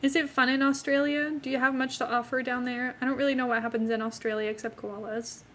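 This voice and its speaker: Chatty high-voiced young woman streamer. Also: level tone, fast, fairly bright tone. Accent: not from England. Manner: rambling and chatty, talking to viewers and to the game's characters. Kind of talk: casual live-stream chat while playing a life-sim game.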